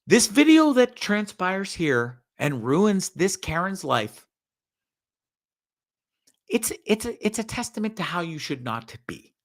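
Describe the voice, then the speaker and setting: A man hosting a show, giving ranting commentary on a video in a profane, sarcastic, animated way. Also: high voice, takes it slowly. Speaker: show host.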